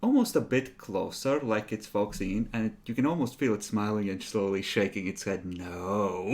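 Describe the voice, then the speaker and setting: A man running a tabletop game as game master, narrating scenes in a descriptive, unhurried way. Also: lowish voice, sing-song, a little mellow.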